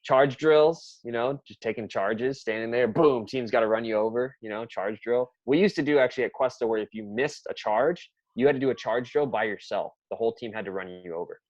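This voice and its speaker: A man's voice: medium pitch, brisk, hardly any pauses, no echo, dull audio. A man who coaches basketball, chatting casually on a podcast and telling practice stories as he acts out his players' reactions.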